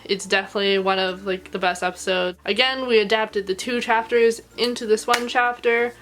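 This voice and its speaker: A woman's voice: steady tone, normal speed, fairly bright tone. Gushing, chatty woman reviewing anime. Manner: chatty and gushing, heavy use of "like"; pitch climbs when emotional. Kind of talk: casual video review.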